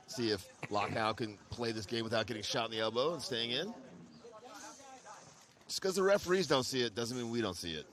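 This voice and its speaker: A man's voice: on the low side, fairly bright tone. A man giving easygoing color commentary on a live paintball match. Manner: easygoing, joking banter. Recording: background noise.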